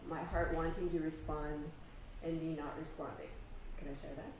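A woman sharing a personal testimony in church, hesitant, with many pauses and ums. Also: sits low, little pitch movement. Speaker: church member sharing a story. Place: church hall. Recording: echoey hall with clear background noise.

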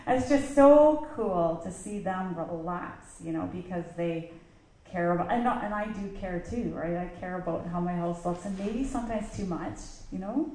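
Animated woman telling a story in an echoey hall. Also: medium pitch, moderate pace. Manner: animated, laughing often, acts out quotes. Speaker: church member sharing a story. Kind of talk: casual storytelling. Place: church hall. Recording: echoey hall with faint noise.

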